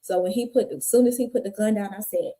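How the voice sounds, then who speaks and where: A woman's voice: mid-range voice, fast talker, a little hiss or hum. A woman, guest on an interview podcast, telling her life story candidly and acting out the people in it. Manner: animated, acts out voices in her stories.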